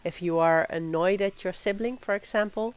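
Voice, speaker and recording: A woman hosting a casual livestream, reading aloud slowly and breaking into loud, playful pirate exclamations. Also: mid-range voice. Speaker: livestream host.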